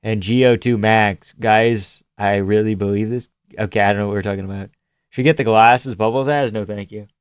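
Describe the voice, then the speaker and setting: Smooth-voiced man riffing through a fight stream. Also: fairly low pitch, fairly even intonation, brisk, no echo, studio quality. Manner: joking, swears often, reads chat aloud. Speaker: live stream host. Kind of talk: casual fight reaction commentary.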